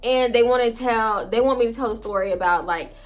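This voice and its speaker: A woman's voice: a little high, a little fast, faint music behind. Chatty, profane young woman. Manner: profane, chatty, animated storytelling to viewers. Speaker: vlogger. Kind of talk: casual storytime chat. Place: home, indoors. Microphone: phone camera.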